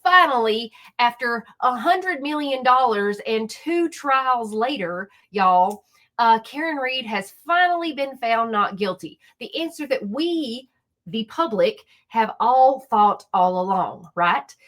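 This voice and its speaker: A woman's voice: fairly high pitch, takes it slowly. A woman hosting a casual reaction commentary channel, chatty and talking straight to her viewers. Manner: chatty, animated, speaks directly to viewers. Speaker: YouTube commentary host.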